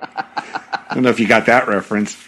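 A man's voice: lowish voice, fairly even intonation, normal speed, fairly bright tone, a little hiss or hum. Giggly rambling male podcast host. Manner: giggly, rambling film fan. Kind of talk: casual chat watching a film.

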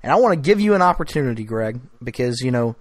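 A man co-hosting a casual TV recap chat, arguing in a teasing, mock-formal, deliberate way. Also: medium pitch, sing-song, dry recording, clean studio sound. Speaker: podcast co-host.

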